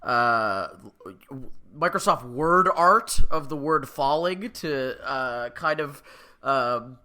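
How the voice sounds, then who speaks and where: Bright-voiced man with wry podcast banter. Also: medium pitch, animated, slow, clear, resonant tone. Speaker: podcast co-host. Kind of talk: casual podcast chat.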